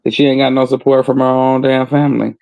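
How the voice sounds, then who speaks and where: A man chatting casually on a livestream, making wry, sarcastic jokes in a drawn-out delivery. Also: medium pitch, flat delivery, creaky, no echo, highs cut off. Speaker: stream co-host. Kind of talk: casual gossip chat.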